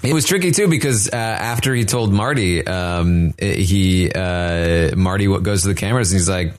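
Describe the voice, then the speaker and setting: A man hosts a casual interview with a very deep voice. He asks his questions haltingly, often starting over mid-sentence.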